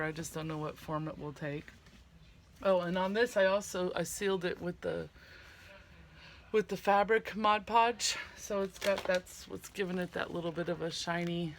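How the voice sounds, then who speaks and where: A middle-aged woman chatting casually to camera at home in a craft vlog, with many fillers, low-key from a sinus headache. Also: slight background noise. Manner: chatty, many fillers, gasps and squeals of delight. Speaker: craft vlogger.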